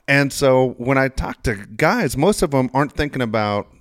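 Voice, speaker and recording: A man's voice: medium pitch, expressive, normal speed, dry recording, studio quality. A man from Southern California, candidly telling anecdotes and swearing in a casual chat.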